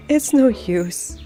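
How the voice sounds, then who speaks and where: A woman's voice: fairly high pitch, warm tone, pitched above the performer's own voice. A woman voicing a defeated, rusted tin man in a game, sighing and resigned.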